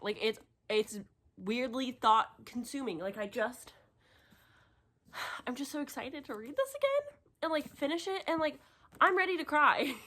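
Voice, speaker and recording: A young woman in her twenties chatting casually in a reading vlog, excitable and gushing, laughing often and tearful from crying. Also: on the high side. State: tearful, having just cried. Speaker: book vlogger.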